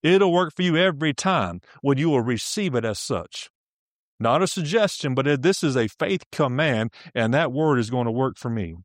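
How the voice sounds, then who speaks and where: A man's voice: mid-range voice, lively intonation, normal speed, no room sound, clean studio sound. A male preacher teaching a sermon, emphatic, repeating key phrases and laughing often as he speaks.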